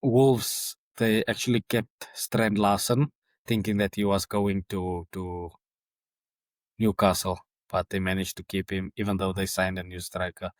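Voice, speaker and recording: Chatty low-voiced man with dry sound. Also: level tone, a little slow, no room sound. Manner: chatty, exasperated asides, stumbles over names. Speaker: football podcast host. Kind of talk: casual monologue on transfers.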